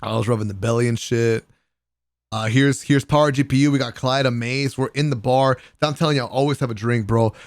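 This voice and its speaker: A gaming content creator telling a casual vlog story about a party, excitable and profane, often laughing and using slang. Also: male voice, mid-range voice, brisk, no echo, studio quality.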